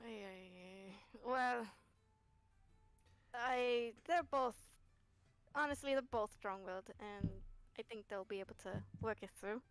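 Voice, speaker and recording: A woman's voice: on the high side, little pitch movement, unhurried, long pauses, clean tone, dry recording, soft background music. A woman playing a tabletop game online, bantering in character and teasing her friends with casual swearing.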